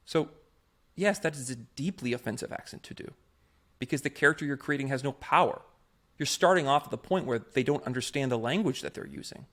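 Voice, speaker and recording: A man co-hosting a podcast about improv, talking through an opinion in a casual, emphatic way and restarting his sentences as he thinks. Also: medium pitch. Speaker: podcast co-host, improv performer.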